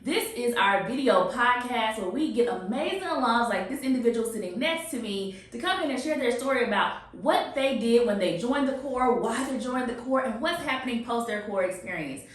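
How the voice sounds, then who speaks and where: A woman's voice: fairly high pitch, expressive, moderate pace, hardly any pauses. A woman hosting a video podcast in an office, effusive and rambling as she introduces and chats with a guest. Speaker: podcast host. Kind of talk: enthusiastic interview chat. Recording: echoey office room.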